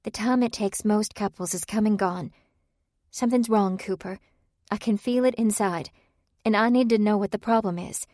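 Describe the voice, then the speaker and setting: A woman voicing an anxious young wife longing for a baby, pleading and tearful, then quick to tease, in a dry audiobook reading. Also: mid-range voice, darkish tone, no room sound, pitched above the performer's own voice, natural voice. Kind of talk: audiobook character voice.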